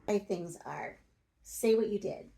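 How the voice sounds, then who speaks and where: A woman's voice: mid-range voice, measured pace, creaky, mellow, poor audio. A woman talking straight to her audience in a coaching, plain-spoken advice monologue. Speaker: self-help video host.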